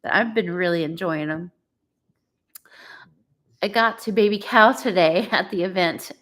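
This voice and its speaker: A woman co-hosting a casual live stream from her ranch, chatting warmly and now and then breaking into playful sing-song calls. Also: fairly low pitch, a little slow. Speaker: ranch owner, livestream co-host. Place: ranch home, indoors.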